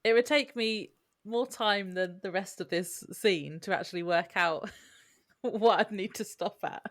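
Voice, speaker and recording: A woman's voice: medium pitch, measured pace, a bit bright. A woman co-hosting a podcast who chats casually and laughs often while joking. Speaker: podcast co-host. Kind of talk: casual chat.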